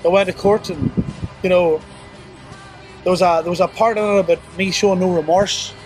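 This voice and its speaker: A young man telling a painful personal story in an interview, halting and remorseful, with many restarts and fillers. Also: fairly even intonation, faint music behind. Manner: halting, full of "you know" and restarts; remorseful, low and subdued.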